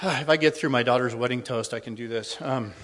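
Talking fairly quickly in a mid-range, fairly bright voice, a middle-aged man offers a personal testimony to a congregation gathered in a church hall. He's conversational, a little nervous, and restarts often amid plenty of ums. A long reverb hangs in the hall.

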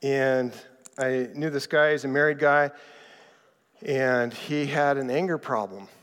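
A man preaching a sermon in a conversational, animated way, acting out the people in his stories. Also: medium pitch, measured pace, clear, resonant tone. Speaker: pastor. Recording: reverberant hall.

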